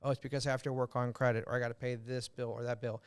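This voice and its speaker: Smooth-voiced American man giving tips. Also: mid-range voice, rapid-fire. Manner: loose, filler-heavy, animated when making a point. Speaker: podcast host, real estate coach. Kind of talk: casual podcast chat giving tips.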